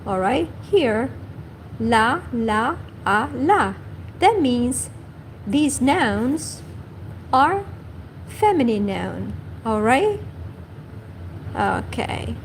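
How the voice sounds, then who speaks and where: A woman leads a livestream language lesson, pronouncing every word twice at a very slow, deliberate pace. Her voice sits a little high. A faint hiss of background noise runs under her speech. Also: very animated, rough recording. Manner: repeats each word slowly and carefully. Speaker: language teacher. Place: home livestream.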